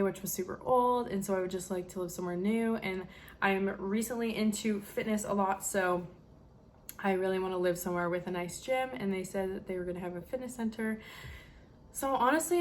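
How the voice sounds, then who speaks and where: A woman's voice: mid-range voice, a little hiss or hum. A young woman vlogger chatting casually and emotionally to camera, with plenty of fillers. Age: young adult. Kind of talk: casual chat.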